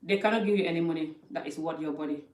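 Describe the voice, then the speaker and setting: A woman's voice: sits low, racing, darkish tone. A woman giving passionate life advice to camera. She talks emphatically, repeats phrases for stress and uses non-native English grammar. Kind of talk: impassioned monologue to camera. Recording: echoey room, voice a bit distant from the mic.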